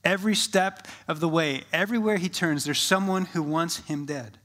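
A man preaching a sermon as pastor, rising with energy, then dropping to a soft, slow hush for quoted words. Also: a little high. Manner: shifts from lively to soft and slow when quoting Jesus.

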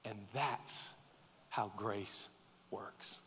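A man preaching a sermon as pastor, swinging between loud pleading and quiet, intense passages. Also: lowish voice, extremely slow, husky. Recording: long hall reverb.

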